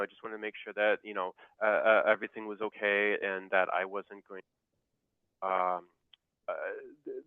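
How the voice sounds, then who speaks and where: A man's voice: lowish voice, smooth, dry recording. Man on a tinny, dry call line. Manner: halting, many fillers and restarts, laughs through stories. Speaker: guest, clinical pharmacist. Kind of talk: casual storytelling interview.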